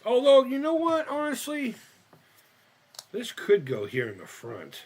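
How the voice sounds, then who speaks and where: A man's voice: very high-pitched, wildly swooping pitch, a little slow, pauses often, a little mellow, slight background noise. A man live-streaming as he builds a model kit, rambling and thinking aloud, swearing often and laughing at himself. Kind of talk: casual live-stream chat while crafting.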